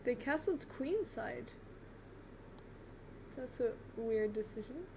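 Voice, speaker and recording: A woman's voice: on the high side, animated, slow pace, vocal fry, background noise. A woman streaming live chess, muttering reactions to herself and chatting to viewers between moves from her bedroom at home. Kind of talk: casual live-stream commentary while playing.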